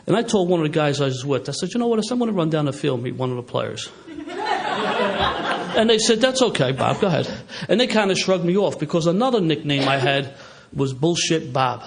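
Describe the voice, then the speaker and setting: A middle-aged man with a Philadelphia accent, telling stories as an AA speaker at a recovery meeting, animated and laughing as he talks. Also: fairly high pitch. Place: meeting hall with a live audience.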